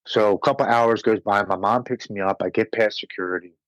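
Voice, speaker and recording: A man telling his personal recovery story as a podcast guest, earnest and slowing down on heavy moments. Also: on the low side, steady tone, no echo, lo-fi sound.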